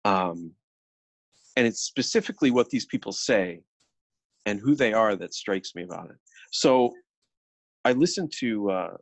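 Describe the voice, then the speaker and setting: A middle-aged man co-hosting a film podcast, talking in a casual, animated way with many restarts and quoted asides. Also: on the low side, unhurried, pauses often, dry recording. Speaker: podcast co-host.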